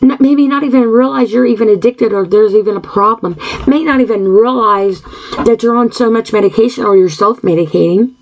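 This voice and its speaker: A woman's voice: on the high side, fairly quick, highs cut off. A woman hosting a solo podcast monologue, speaking in an earnest, emotional way with frequent sighs and restless repeated questions. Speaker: podcast host.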